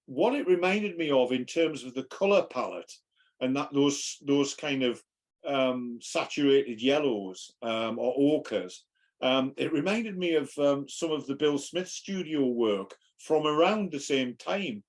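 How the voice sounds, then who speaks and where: A man co-hosting a podcast, weighing his thoughts slowly with many pauses and ums. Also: medium pitch, lively intonation. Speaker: podcast co-host. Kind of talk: casual chat.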